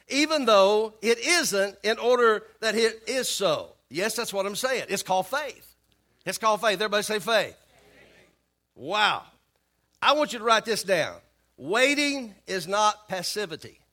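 A man's voice: sits high, moderate pace. A male pastor preaching a sermon, calling on the congregation to respond and repeating key phrases. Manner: animated, acts out voices of worried believers.

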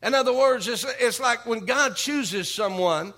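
A man preaching a sermon, dropping a repeated "okay?" and calling for amens, reading scripture slowly and with emphasis. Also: extremely high pitch, sharp tone. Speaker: pastor.

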